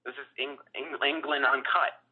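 A man's voice: mid-range voice, steady tone, moderate pace, slightly rough. A man calling in, ranting in a profane, rambling and heated way. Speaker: caller. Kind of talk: phone-in rant. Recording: tinny phone line.

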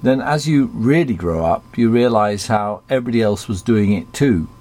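A man with a softened English received pronunciation accent, talking in a rambling, reflective way with frequent restarts. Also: fairly low pitch, lively intonation, moderate pace. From England. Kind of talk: casual conversation.

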